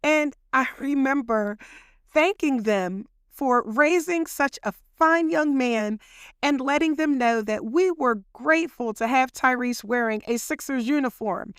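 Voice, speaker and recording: A woman tells her own story in a relaxed, chatty way, talking straight to her listeners as if to friends. Her voice sits a little high, and the recording is dry and close, with no room sound. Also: unhurried, clear, resonant tone, dry recording. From Philadelphia. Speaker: podcast host telling her own story. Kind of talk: casual personal storytelling.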